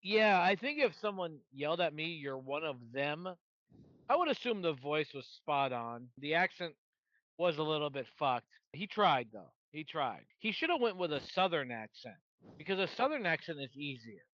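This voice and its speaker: A man's voice: a little high, sing-song, moderate pace, fairly bright tone, no echo, muffled recording. A man co-hosting a podcast, chatting casually about a movie in a laid-back way. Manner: laid-back, laughs often, swears casually. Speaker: podcast co-host.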